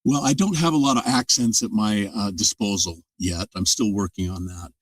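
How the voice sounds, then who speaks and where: Older male narrator as guest, low-voiced, thoughtful explainer, mic a little distant, dry sound. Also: moderate pace, dry recording. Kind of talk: casual interview talk.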